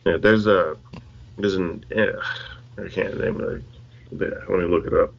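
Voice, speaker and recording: A man's voice: low-pitched, fairly even intonation, measured pace, vocal fry. A man co-hosting a podcast, talking casually and often stopping to search for words. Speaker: podcast co-host. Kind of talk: casual conversation. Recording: muffled lo-fi call audio.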